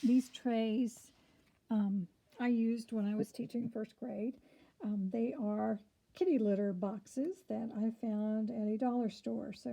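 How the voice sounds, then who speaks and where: Middle-aged woman, slightly hoarse, mellow tone, chatty with lots of ums, a bit high-pitched. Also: rough recording. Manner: relaxed and chatty, with frequent ums. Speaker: quilter giving a sewing room tour. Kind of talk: casual room tour.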